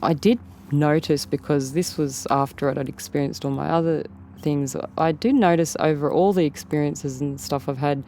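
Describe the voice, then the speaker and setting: Speaking at a normal speed with few pauses, an Australian woman in an interview rambles through a story, repeatedly rephrasing and restating things. Her voice is low and dark, and there's a little hiss or hum.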